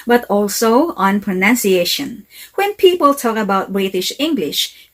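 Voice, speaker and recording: A woman giving a scripted English lesson, speaking deliberately and carefully. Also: on the high side. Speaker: English teacher. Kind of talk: slow scripted lesson narration.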